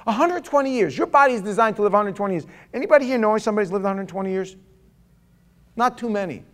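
A pastor preaching a sermon, swinging from loud emphatic lines to quiet asides, with chatty restarts and stammers. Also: male voice, high-pitched, expressive, quick pace.

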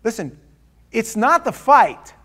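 A pastor preaching a sermon, swinging from loud emphatic lines to quiet asides, with chatty restarts and stammers. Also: male voice, extremely high pitch, very animated, slow.

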